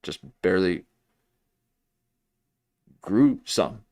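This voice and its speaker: A deep-voiced man hosts a casual livestream, rambling and mocking himself as he talks. His voice sits close and dry, with no room sound around it. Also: animated, drawn-out words, a little mellow, dry recording. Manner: rambling, self-mocking, jumps into mock voices. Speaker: livestream host.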